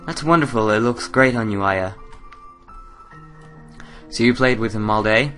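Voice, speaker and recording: Kind sick mother, read by a man; reassuring, bright tone, slow delivery. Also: medium pitch, soft background music. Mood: gentle. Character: gentle ailing mother, kind and soothing.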